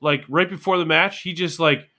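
Man, casual podcast chat, thinks out loud, slightly high, bright tone. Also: normal speed. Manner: rambling, self-deprecating, thinks out loud. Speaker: podcast co-host.

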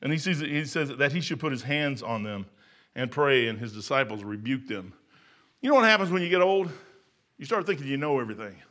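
An older man preaching a folksy sermon, laughing often and swinging from shouts to hushed asides. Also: medium pitch, lively intonation, fairly quick. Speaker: pastor. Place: church sanctuary.

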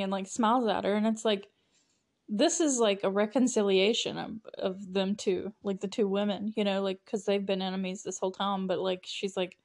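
A woman's voice: mid-range voice, moderate pace. A woman hosting a podcast, recapping a film in a chatty, casual way with lots of fillers and frequent laughter. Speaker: podcast host.

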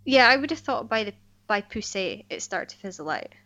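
A woman's voice: mid-range voice, lively intonation, brisk, bright, forceful tone, dull audio. A woman co-hosting a podcast in casual chat, earnest and enthusiastic, often restarting her sentences. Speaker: podcast co-host.

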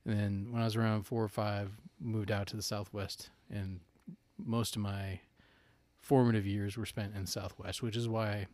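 A man's voice: lowish voice, flat delivery, moderate pace, darkish tone, dry recording. A man from North Carolina co-hosting a podcast in casual chat, rambling with lots of "like" and "you know" and laughing easily. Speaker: podcast co-host.

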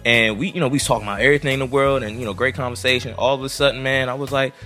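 A man's voice: medium pitch, fairly even intonation, racing, sharp tone, faint music behind. A man in casual chat as a podcast co-host, laid-back and full of fillers, mimicking others as he tells a story.

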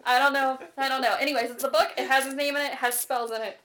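A woman co-host talks through book plots in a loose, chatty way. Her voice sits a little high. She is animated, sprinkles in "like" constantly and swears without a second thought. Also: quick pace, slight background noise. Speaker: podcast co-host. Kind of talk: casual chat about books.

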